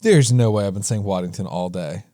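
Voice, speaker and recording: A man's voice: lowish voice, lively intonation, moderate pace, warm tone, dry recording, clean studio sound. A man co-hosting a podcast in casual chat, goofy and fond of playing with his voice. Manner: goofy, plays with his voice, sings bits. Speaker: podcast co-host.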